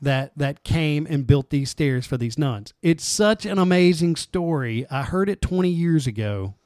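A man's voice: a little high, expressive, a little slow, a little mellow, dry recording, clean studio sound. A man co-hosting a casual podcast, telling a story in a loose, chatty way full of filler words. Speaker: podcast co-host.

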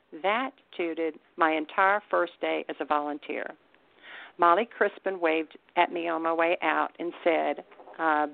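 A woman author reads her own first-person story with wry, deadpan humor. Her voice is low and gravelly. The sound is dry and thin, like a phone line. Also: measured pace. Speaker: author reading her book.

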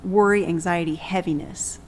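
A woman hosting a faith discussion, speaking calmly and reflectively and reading from scripture. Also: lowish voice, moderate pace, a little hiss or hum, rough recording. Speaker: podcast host.

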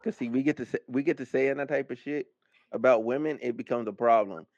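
A man's voice: mid-range voice, brisk, darkish tone, dry recording, lo-fi sound. A man co-hosting a casual podcast chat, blunt and profane, joking as he talks. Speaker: podcast co-host.

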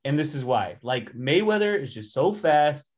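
A man's voice: fairly high pitch, big pitch swings, normal speed. Teasing man with hot takes. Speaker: podcast co-host. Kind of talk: casual chat.

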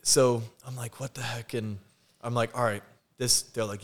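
This podcast guest, a man, recounts a personal experience in easygoing conversation at a moderate pace and medium pitch. He brings the quotes to life by acting them out and laughs a lot along the way.

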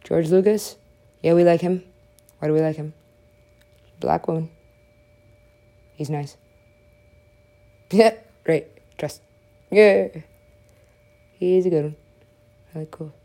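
A woman with a low, mellow voice chatting her way through a game. She talks slowly, wandering from joke to joke with plenty of profanity in a loose, offhand delivery. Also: steady tone. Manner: profane, rambling, joking asides. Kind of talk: casual gameplay commentary.

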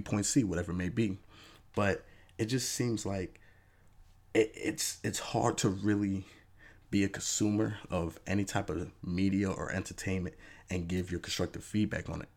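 A man hosting a podcast, talking through his take in a casual, animated monologue with lots of "you know" asides. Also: normal speed. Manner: animated, acts out fans' voices in a raised pitch. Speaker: podcast host.

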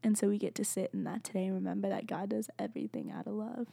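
A young woman, hosting a casual Christian encouragement podcast in a gentle, rambling way full of "like". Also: mid-range voice, very animated, fast, vocal fry, slightly rough, dry recording, studio quality. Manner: gentle, rambling, heavy use of "like". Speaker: podcast host.

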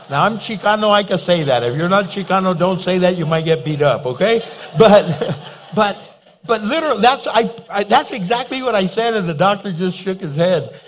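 A man's voice: high voice, normal speed, a little hiss or hum. A man preaching a humorous sermon as pastor, telling stories, acting out little scenes and laughing at his own jokes. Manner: animated storytelling, acts out little scenes and voices.

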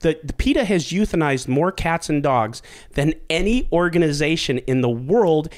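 A man whose voice sits a little high hosts a podcast, relating a story at a moderate pace in casual conversation. Full of energy and profanity, he keeps laughing at his own story.

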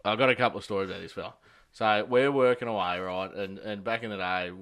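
A man's voice: lowish voice, fairly even intonation, fast, a bit bright, smooth. A young Australian man, a podcast co-host, telling crude work stories in a casual chat and acting out the people in them. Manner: swears a lot, acts out quotes.

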